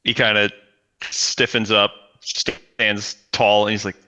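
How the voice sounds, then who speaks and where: A man's voice: on the low side, flat delivery, slow, bright, forceful tone, muffled recording. A man playing a tabletop game, describing his character's actions hesitantly with many fillers. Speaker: player. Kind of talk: casual tabletop play.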